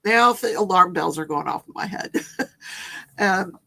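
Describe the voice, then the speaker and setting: An older woman hosts a casual livestream in a voice with a gravelly, creaky edge. She rambles through her story, backtracking and correcting herself along the way. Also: lowish voice, measured pace, sharp tone. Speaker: livestream host.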